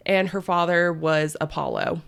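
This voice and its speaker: A woman co-hosting a podcast, walking through a myth in loose, chatty talk. Her voice sits a little low, and she leans on fillers and breaks into laughter easily. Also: fairly even intonation, normal speed, creaky, clean tone. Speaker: podcast co-host. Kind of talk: casual chat retelling a myth.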